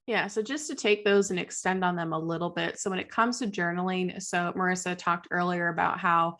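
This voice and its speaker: A woman's voice: fairly low pitch, steady tone, brisk, a bit bright. A chatty woman co-hosting a casual podcast, with a voice sitting a little below the usual. She draws on her counseling work and fills her sentences with "like", breaking into easy laughs. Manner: chatty, peppered with "like", laughs often. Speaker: podcast co-host, school counselor.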